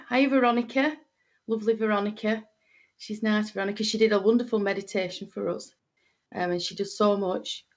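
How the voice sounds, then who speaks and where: A middle-aged medium from Lancashire, England, with a Lancashire accent, greets viewers on a livestream in a homely, chatty manner full of fillers. Her voice is medium-pitched, and the audio is dull.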